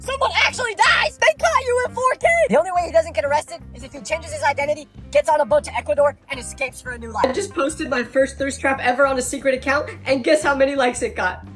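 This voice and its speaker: A woman's voice: high voice, fast talker, hardly any pauses, fairly bright tone, faint music behind. A woman in short comedy skits, dramatic and exclaiming.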